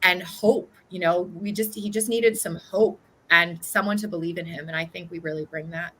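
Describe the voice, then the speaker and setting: A woman's voice: fairly low pitch, steady tone, a little fast, a bit bright, breathy edge, poor audio. A woman guest telling heartfelt stories in an earnest, conversational way. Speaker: charter school guest. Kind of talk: conversational interview.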